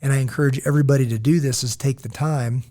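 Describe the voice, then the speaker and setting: Man, 40s, podcast co-host, warm mellow tone, loose conversational storyteller. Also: medium pitch, fast. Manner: animated, rambling storyteller with frequent "right?".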